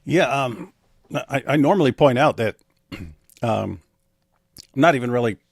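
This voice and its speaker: A man's voice: mid-range voice, measured pace, gravelly, no room sound. Guy in his 40s telling stories in an interview, acts out the quotes, dry close sound. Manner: animated storyteller, acts out quotes. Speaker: guest. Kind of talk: casual interview chat.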